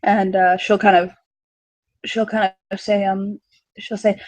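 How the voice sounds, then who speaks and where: A woman's voice: medium pitch, flat delivery, unhurried, pauses often, darkish tone. A woman narrating as game master, giggly and full of fillers.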